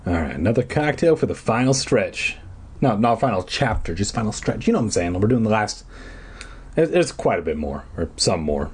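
A man's voice: on the low side, sing-song, normal speed, a little mellow, a little hiss or hum. A man reading a children's book aloud who breaks off into rambling, profane, joking asides. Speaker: amateur audiobook reader.

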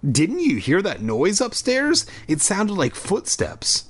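A man reading the lines of a nervous, excited boy in a storybook, staying close to his own voice. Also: high voice, slow, husky, pitched above the performer's own voice, exaggerated voice. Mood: anxious excited.

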